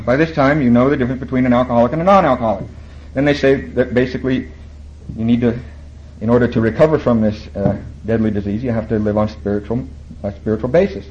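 A man's voice: mid-range voice, darkish tone, a little hiss or hum. Wry man telling recovery stories. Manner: wry, self-mocking, quotes and acts out others. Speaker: recovery meeting speaker. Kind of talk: storytelling talk to a recovery meeting. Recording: dull lo-fi room recording, faint ambience.

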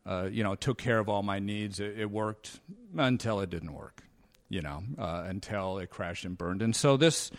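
A man in his fifties sharing his recovery story at a convention, halting with many fillers and a dry, sarcastic humor. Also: on the low side, no room sound. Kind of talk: personal talk at a convention. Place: convention meeting room.

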